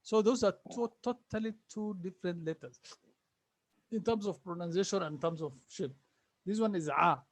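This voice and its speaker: A man's voice: high voice, normal speed, dry recording. A man teaching an online class, patiently repeating sounds and names for his students over a video call. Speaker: Arabic teacher.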